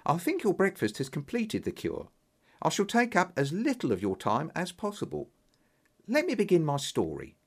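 A man's voice: a little high, wildly swooping pitch, moderate pace, husky, pitched above the performer's own voice, heavily acted. Man reading as polite young engineer guy, earnest, very up and down voice. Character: young male engineer telling his tale, polite.

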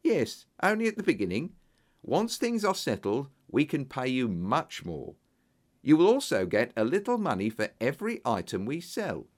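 A man voicing an eager, effusive businessman in an audiobook, exclamatory and flattering. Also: mid-range voice, normal speed. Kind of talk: audiobook character voice.

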